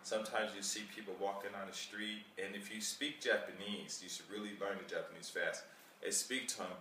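Man, deep voice, bright and forceful, casual rambling vlog, roomy sound, recorded from a distance, faint street noise. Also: a little fast. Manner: rambling, animated, plays out street chats. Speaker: vlogger.

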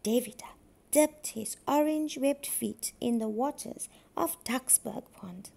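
A preschool teacher, a woman, reading a storybook aloud to young children in a slow, clear and careful way. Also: on the high side, warm tone.

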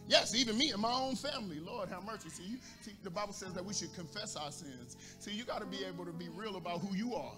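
A man's voice: high voice, animated, fast, few pauses, over music. A man pastor preaching a sermon, asking the congregation for responses and rising into a sung cadence.

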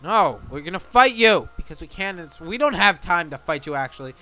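A young man offers casual let's play commentary in a sarcastic, joking voice. His voice is bright, clear and a little high, with faint game music underneath. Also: very animated, a little fast. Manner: joking, sarcastic, reads game text aloud.

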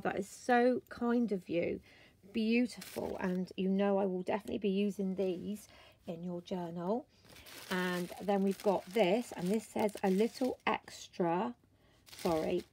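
A British woman chatting casually as she shows off craft gifts, croaky from the end of a cold and gushing over each item. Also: medium pitch, low-quality recording. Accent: British English. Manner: gushing and warm, frequent ums, gasps with delight. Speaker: craft vlogger. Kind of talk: casual show-and-tell chat.

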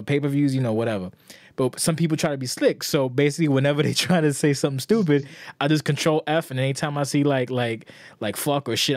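A man's voice: medium pitch, dry recording, clean studio sound. A man hosting a podcast in casual chat, loose and profane, often breaking into laughter. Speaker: podcast host.

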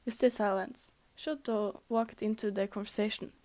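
A woman's voice: medium pitch, steady tone, normal speed, darkish tone. A young woman reading a fanfic aloud in a casual, amateur way, stumbling and restarting, sometimes slipping into a whisper. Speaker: fanfic reader.

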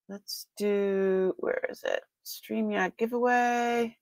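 A woman's voice: medium pitch, slow pace, hardly any pauses, no room sound. A woman with a Boston accent hosting a casual live-stream sale, chatting and greeting viewers by name with frequent laughs.

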